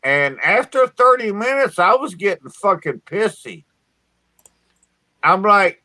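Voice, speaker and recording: A man's voice: high voice, very animated, slow, long pauses, pushed and bright, dry recording. Stammering, cussing man in casual chat. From southern Indiana. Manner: profane, stammering restarts. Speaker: podcast host.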